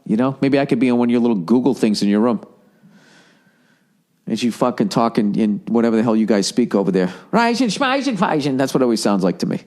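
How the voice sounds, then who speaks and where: A man's voice: fairly low pitch, fast talker, mellow. A middle-aged man, hosting a podcast in a casual, profane, exasperated monologue that rambles between thoughts. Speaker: podcast host.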